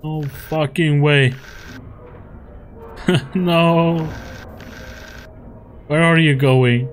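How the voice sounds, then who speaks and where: Extremely slowly and in a steady, slightly high voice, a gaming YouTuber narrates his horror game playthrough against slight background noise. He curses frequently and chuckles at his own frustration in this let's play commentary.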